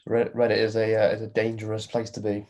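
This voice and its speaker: A man's voice: lowish voice, completely flat delivery, quick pace, darkish tone. A man co-hosting a podcast in laid-back casual chat, swearing casually. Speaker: podcast co-host.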